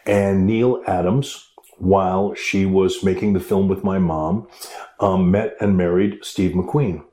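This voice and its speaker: A middle-aged American man, an actor, tells stories with animated energy and laughs mixed into his talk. His voice sits a little low, and the recording carries a roomy echo around him. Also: takes it slowly. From United States. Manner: animated storyteller, laughs while talking. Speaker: actor and interview guest. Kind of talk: casual storytelling interview.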